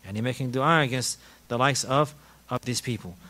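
A man giving an earnest religious lesson on a classical text, repeating his points for emphasis and moving quickly into quoted Arabic passages. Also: medium pitch, sharp tone. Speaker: Islamic teacher.

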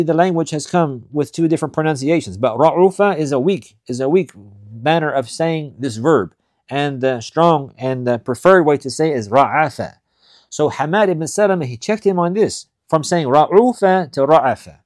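A man teaching a religious lesson. He reads Arabic passages quickly, then explains them in English, repeating his key points with emphasis. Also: fairly high pitch, darkish tone, dry recording, studio quality. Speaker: Islamic studies teacher. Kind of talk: recorded lesson explaining classical texts.

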